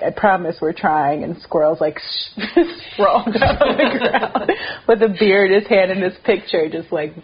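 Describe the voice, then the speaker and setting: A young woman telling a lively story as a podcast guest, laughing often and swearing casually. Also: low-pitched, husky. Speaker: podcast guest, thru hiker. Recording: dull lo-fi sound.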